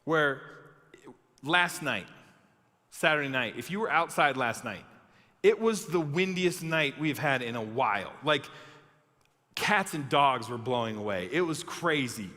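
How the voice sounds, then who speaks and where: A young man preaching a youth sermon, reading a Bible story and acting it out with animated voices. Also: medium pitch, measured pace, long pauses, in a large hall. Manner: animated, acts out the story with shouted quotes. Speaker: youth pastor.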